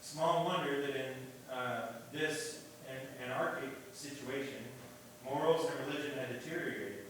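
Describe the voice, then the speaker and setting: A man leads a church history class in an easy, conversational lecture style, tossing in "right?" after his points. His voice is mid-pitched and carries a strong room echo. It was picked up from some distance over a faint hiss. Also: measured pace, a bit bright. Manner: casual, keeps asking "right?".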